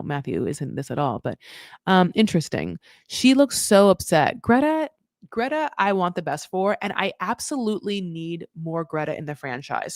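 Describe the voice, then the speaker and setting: A young woman recapping a reality show in casual, animated commentary, swearing freely and acting out what the people said. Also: medium pitch, no room sound, studio quality. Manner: chatty, animated, swears, acts out quoted voices.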